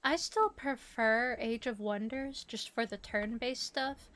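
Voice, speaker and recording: A woman hosting a casual gaming stream and chatting with her co-op partner, giggly and relaxed. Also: on the high side, unhurried. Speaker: streamer and host. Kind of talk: casual chat while gaming.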